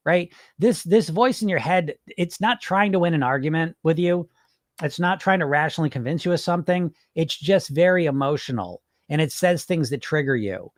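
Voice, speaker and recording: On the high side in pitch, this podcasting weight loss coach speaks bluntly and animatedly, swearing freely and performing the voices in his head during a casual monologue. The audio is studio quality with no room sound.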